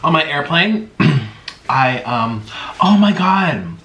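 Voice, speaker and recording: A man talks through a meal on camera, chatty and meandering as he tells his story between mouthfuls. His pitch swoops up and down with lively expression. The room rings with a noticeable echo over a faint hiss. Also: slow. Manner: chatty, rambling, animated. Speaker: mukbang host. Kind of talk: casual storytelling while eating.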